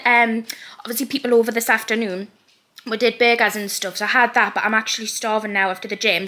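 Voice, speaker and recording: A young woman from North East England talks to camera in a rambling vlog, her Geordie accent carrying a slight lisp from dental aligners. Her voice is on the high side with a sharp tone, and her chatty delivery is full of fillers.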